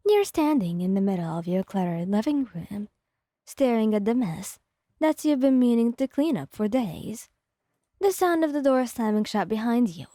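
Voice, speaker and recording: A woman reads a second-person ASMR story in a calm, even way. Her voice is mellow and warm rather than bright, and it sounds dry and close, with no room around it. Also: on the high side, no room sound. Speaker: narrator.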